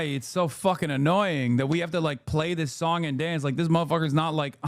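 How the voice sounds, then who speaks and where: A man's voice: on the high side, moderate pace, hardly any pauses, no echo, studio quality. Profane, sarcastic male streamer. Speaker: streamer commentator. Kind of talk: reacting to a news clip.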